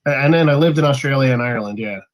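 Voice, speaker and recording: Fast-talking man from Canada. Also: medium pitch. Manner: animated anecdote telling, laughs easily. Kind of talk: casual chat.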